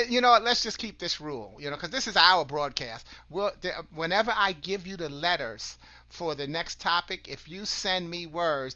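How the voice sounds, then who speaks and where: Earnest motivational man, bright voice. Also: fairly high pitch, no room sound, muffled recording. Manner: earnest, repeats words and restarts, asks listeners questions. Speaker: host of an online broadcast. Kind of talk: motivational talk with scripture.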